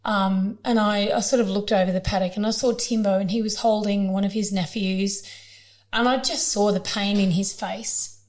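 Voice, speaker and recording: An Australian woman speaks as a guest on a conversational podcast. She is candid and raw, her voice sitting at a middle pitch, and she drops in blunt swear words as she talks things through. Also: fairly even intonation, moderate pace, darkish tone. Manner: frank and emotional, with blunt swearing.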